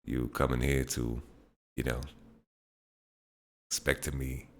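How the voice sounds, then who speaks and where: Man with a very deep, gravelly voice. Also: level tone, takes it slowly, a little hiss or hum. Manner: blunt, frank, laughs off questions. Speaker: podcast host answering viewer questions. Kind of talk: casual chat, Q&A.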